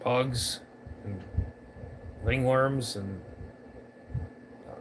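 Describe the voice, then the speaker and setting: A man's voice: mid-range voice, very slow, background noise. A man vlogging about ham radio, ranting to his camera on a tripod at home in a rambling way, stumbling over his words. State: allergies acting up. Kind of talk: casual rant to camera.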